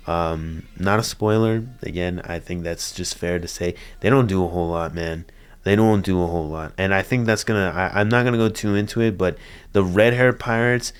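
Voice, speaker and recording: A man's voice: low voice, steady tone, moderate pace, clear, resonant tone. A young man talking through his thoughts on an anime film in a casual, rambling way, stammering and restarting now and then with a laugh. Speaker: anime reviewer. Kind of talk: casual spoken review.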